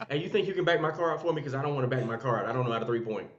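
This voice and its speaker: A man guesting as a comedian, talking fast and joking in loose slang. His voice comes through a roomy, somewhat dull recording, with echo around it. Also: medium pitch, noisy background. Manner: joking, slangy, warm-hearted storytelling. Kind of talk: casual interview chat.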